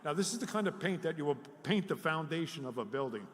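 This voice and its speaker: A middle-aged man from City, telling animated, self-deprecating stories as a speaker at a recovery workshop. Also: a little high, fast, slight background noise. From Jersey City, New Jersey. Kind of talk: live storytelling talk. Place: workshop hall before an audience. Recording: echoey hall with long reverb.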